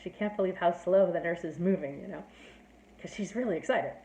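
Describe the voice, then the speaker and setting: A woman's voice: on the low side, fairly quick, mellow. A woman giving a casual, chatty plot summary as a teacher, filling her talk with "like" and "you know". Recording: roomy echo.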